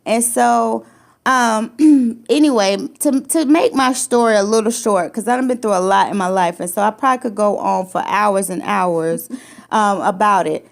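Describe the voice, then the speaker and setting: A woman's voice: mid-range voice, normal speed, vocal fry. A woman sharing a painful personal story in casual conversation, emotional, restarting her sentences and acting out what others said. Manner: emotional, repetitive restarts, acts out quoted lines. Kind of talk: personal testimony, casual chat.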